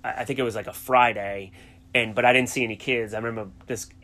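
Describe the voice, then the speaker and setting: A middle-aged man with a softened Boston accent, a college track coach chatting easily in an interview, with plenty of fillers. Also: mid-range voice, fairly even intonation, fast. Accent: softened Boston, New England. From South Shore of Massachusetts. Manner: easygoing, storytelling, frequent fillers. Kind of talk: casual interview chat.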